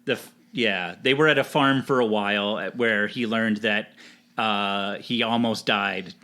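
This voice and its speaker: A man's voice: lowish voice, fairly even intonation, unhurried, pushed and bright. A man co-hosting a casual podcast, mostly giving short agreeing replies and dry quips. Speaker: podcast co-host.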